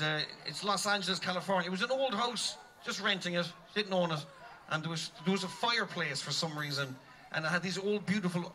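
A man's voice: high voice, slight background noise. A man fronting a band, telling a comic story on an outdoor stage, scatting tunes as he goes. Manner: animated, comic, scats tunes mid-story.

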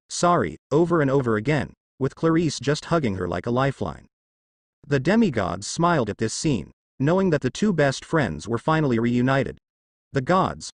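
A man reading a fan fiction story aloud, moving briskly through the narration and lifting his voice a little for the quoted lines. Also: mid-range voice, dry recording, studio quality.

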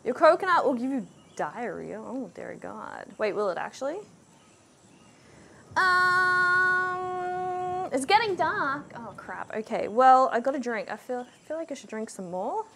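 A young woman streaming a game, commenting live in an excitable, exclaiming way with frequent laughter. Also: high voice, unhurried, vocal fry, slight background noise. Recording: game sounds loud in the background.

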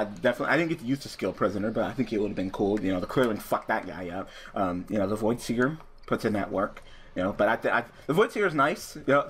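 A man's voice: fairly low pitch, a bit bright. A young man casually commenting on his own card game duel, profane and rambling, breaking into angry rants and restarting his sentences. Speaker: gaming YouTuber.

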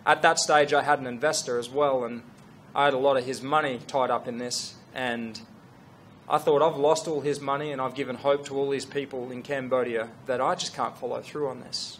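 A middle-aged man tells a story to an audience, earnest and animated, with frequent restarts. His voice sits in a middle register. A faint hum runs underneath. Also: mid-range voice, brisk. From Australia. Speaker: fashion brand founder.

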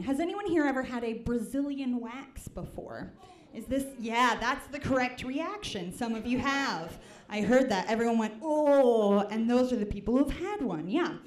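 A young woman from the Midwest doing a stand-up set, chatty and self-deprecating, with lots of "like" and "right?". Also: on the high side. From American Midwest. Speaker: stand-up comedian. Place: comedy club stage before a live audience. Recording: roomy club sound.

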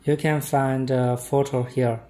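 Slow, flat-voiced man. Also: mid-range voice. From China. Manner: halting, simple broken English with short phrases. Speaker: product demonstrator. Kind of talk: hands-on product demonstration.

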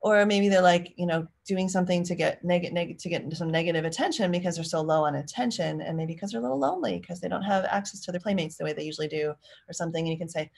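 Low, gravelly woman coaching parents. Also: fast talker. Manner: chatty and warm, acts out parent and child lines. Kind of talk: live-stream Q&A.

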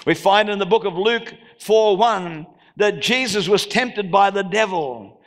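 An Australian man preaching a sermon as pastor, calling out to the congregation and rising into shouted declarations, recorded in a church hall. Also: high-pitched, expressive, a little slow.

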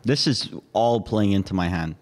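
A man's voice: on the low side, expressive, normal speed, darkish tone, in a large hall. A man bantering and bidding in a casual group game, teasing the others with playful jabs. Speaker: show regular, bidder.

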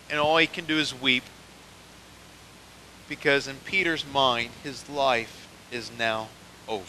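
A man's voice: medium pitch, pushed and bright, a little hiss or hum. A man preaching a sermon as pastor, talking straight to the congregation and building in intensity. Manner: preaching with rising intensity, addressing the church. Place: church sanctuary. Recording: church hall with long reverb.

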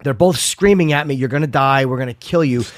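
A man's voice: mid-range voice, a little fast, no room sound, clean studio sound. A man co-hosting a casual chat show, retelling a story with heat and plenty of swearing. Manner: heated, profane retelling, quotes others. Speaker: podcast co-host.

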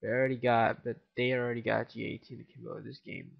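A tired teenage boy talks over his shooter gameplay in a gravelly, mid-pitched voice, mumbling and swearing as he goes. The lo-fi mic makes him sound dull. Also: level tone, fast. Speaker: gameplay commentator. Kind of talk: casual game commentary.

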